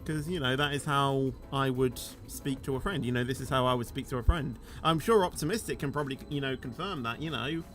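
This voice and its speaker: A man's voice: medium pitch, a little fast, hardly any pauses, a bit bright, faint music behind. A man chatting casually on a game livestream, rambling and peppering his sentences with "you know", his voice rising at the end of sentences. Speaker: game streamer.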